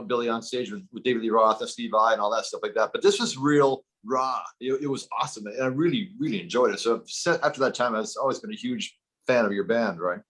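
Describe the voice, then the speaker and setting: A man's voice: medium pitch, a bit bright. A man co-hosting a casual podcast, gushing like a fan in loose run-on sentences. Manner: enthusiastic fan, talks in loose run-on bits. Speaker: podcast co-host.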